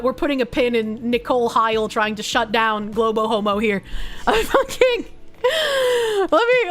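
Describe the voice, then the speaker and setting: A woman livestreamer in casual chat, telling a story in an animated way, laughing often and swearing freely. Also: sits high.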